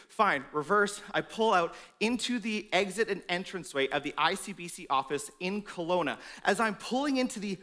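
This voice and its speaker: A pastor delivering a sermon in church, his voice sitting high and ringing bright. He tells the story with animated energy, dropping into the voices of the people he describes. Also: moderate pace, hardly any pauses.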